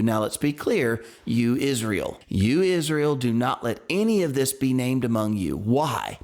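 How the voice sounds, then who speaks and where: A man with a light Southern US country accent, a pastor leading an earnest, emphatic Bible study. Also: mid-range voice. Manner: earnest, emphatic preaching with bursts of exclamation.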